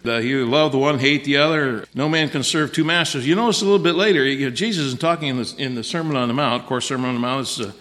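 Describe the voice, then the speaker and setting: A man's voice: medium pitch, quick pace, few pauses, a bit bright, in a large hall. A man preaching a sermon in a folksy, repetitive way, dropping in frequent amens.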